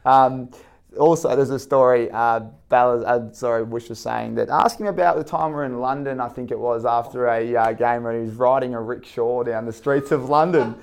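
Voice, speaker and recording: A man's voice: mid-range voice, steady tone, vocal fry, clear, resonant tone. An Australian man hosting a casual interview, chatty and enthusiastic, egging his guest on to tell stories. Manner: enthusiastic, chatty, quick to laugh along. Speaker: interviewer host.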